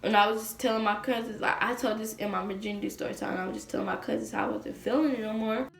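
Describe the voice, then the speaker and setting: Fast, blunt teen girl vlogger. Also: mid-range voice, fairly even intonation, reverberant, faint music behind. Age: teens. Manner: blunt, profane and fast-talking. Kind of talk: storytime vlog. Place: bedroom at home.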